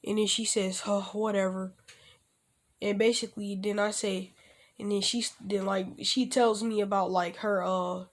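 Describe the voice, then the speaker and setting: A man's voice: sits high, steady tone, normal speed. A young man casually telling a self-insert fan story, rambling with lots of restarts and loosely acting out the characters' lines. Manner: rambling, with frequent restarts and fillers like "basically" and "like".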